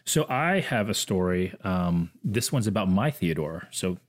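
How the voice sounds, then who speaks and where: A man co-hosting a podcast, chatting in a relaxed, jokey way about his kids. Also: deep voice, a little slow. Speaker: co-host, father. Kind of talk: casual chat.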